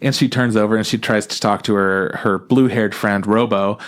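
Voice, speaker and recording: A man co-hosting a podcast in casual chat, animated and laughing often as he retells scenes. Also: normal speed. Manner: animated, acts out characters in high voices, laughs often. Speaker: podcast co-host.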